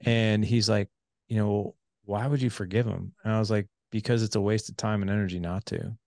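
Podcast host, man, 40s, gravelly low voice, animated storyteller, dry close sound. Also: fairly quick, no room sound. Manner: animated storyteller who acts out quoted dialogue. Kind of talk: casual storytelling conversation.

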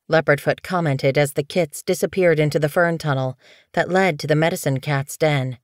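A woman narrating an audiobook in a calm, even storytelling manner. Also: deep voice, moderate pace, no echo, studio quality. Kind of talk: scripted narration.

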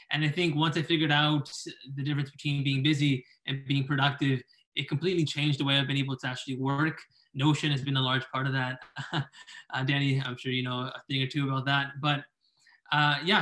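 A man's voice: medium pitch, a bit bright. Man, earnest and reflective, casual video call talk. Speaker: educational video creator.

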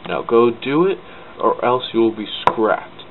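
Brief: man voicing a bossy railway controller, firm orders, lively pitch, lo-fi noisy recording. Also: measured pace. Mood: stern. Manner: stern, commanding. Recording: tinny lo-fi with hiss.

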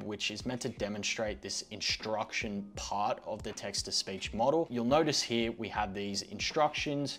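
A man's voice: on the low side, a bit bright. A young man hosting a tech tutorial, chatty and easily amused. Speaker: host.

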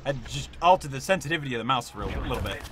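A young man doing let's-play commentary, excitable and swearing, shouting at the game. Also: mid-range voice, rapid-fire, heavy background noise. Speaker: gaming YouTuber. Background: game sound and music.

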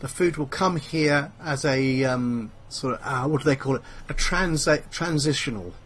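A man's voice: mid-range voice, normal speed, fairly bright tone, slight background noise. A man hosting a let's play, thinking aloud with plenty of fillers in a chatty, self-mocking way. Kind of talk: casual game commentary. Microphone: headphones with a desk mic.

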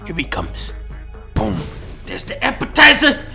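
A man giving comedic gameplay commentary, profane and mocking, dropping to low mutters and then bursting into shouts. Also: huge pitch swings, a little slow, gravelly, faint music behind.

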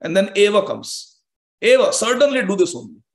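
A man's voice: sits high, big pitch swings, normal speed. Emphatic man teaching scripture. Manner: emphatic, repeats phrases for stress, chants Sanskrit verses. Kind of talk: scripture class commentary.

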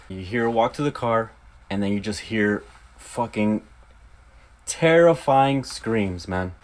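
A young man reviews a horror film in a loose, profane rant. He retells scenes in a rush and jumps into quick acted quotes along the way. His pitch swings up sharply when he gets worked up. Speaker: movie reviewer. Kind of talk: casual movie review rant.

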